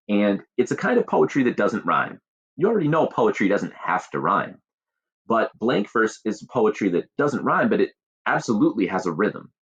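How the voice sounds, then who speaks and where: A man's voice: fairly low pitch, a bit bright, breathy edge. A male teacher giving a recorded lesson, explaining patiently and chanting stress patterns aloud.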